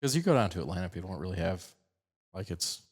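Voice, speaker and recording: A man from Colorado with a slight picked-up Southern twang, hosting a podcast in fast, animated casual chat. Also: low voice. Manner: fast-talking, animated storyteller. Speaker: podcast host.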